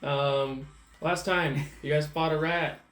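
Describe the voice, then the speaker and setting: A man's voice: fairly high pitch, steady tone, takes it slowly, a bit bright. A man acting as game master, recapping the last session in a rambling, offhand way full of fillers and laughs. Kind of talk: casual tabletop game recap. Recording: echoey room, faint noise.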